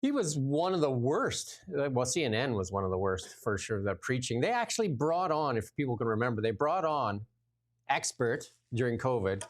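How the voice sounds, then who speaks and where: A man's voice: mid-range voice, big pitch swings, moderate pace. A man hosting a political talk show in casual chat, mocking and sarcastic, repeating phrases for effect.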